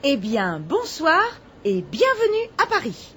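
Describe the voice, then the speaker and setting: A courteous French hostess with a high, bright voice that rises and falls a great deal. She greets a visitor in a scripted dialogue for a language course, with crisp, careful pronunciation. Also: wildly swooping pitch, measured pace, full character voice.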